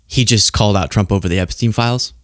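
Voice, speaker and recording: A man's voice: lowish voice, fast, a bit bright, no echo, clean studio sound. A man hosting a political commentary show, sarcastic and exasperated, often laughing.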